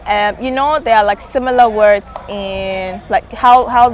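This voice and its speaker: A woman's voice: mid-range voice, measured pace. Chatty young Ghanaian woman. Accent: Ghanaian English. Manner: chatty, laughing, self-mocking. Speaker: interviewee. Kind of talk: casual interview chat.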